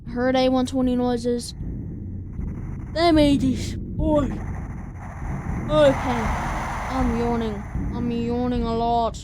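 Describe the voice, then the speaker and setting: A woman's voice: a little high, flat delivery, slow, pauses often, heavy background noise. A woman giving casual let's-play commentary, chatting to the game's monsters and counting doors aloud. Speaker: gameplay streamer.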